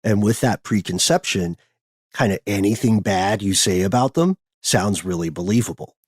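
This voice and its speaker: A man's voice: fairly low pitch, normal speed, a little mellow, dry recording, studio quality. A man hosting a podcast, explaining history in a conversational, thinking-aloud way. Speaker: podcast host.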